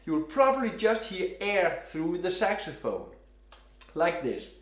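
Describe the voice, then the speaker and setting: Male sax teacher, fairly high voice with a lot of lift and fall, calm step-by-step coaching in a roomy space. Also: unhurried. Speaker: saxophone teacher. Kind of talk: instructional demonstration. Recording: roomy echo.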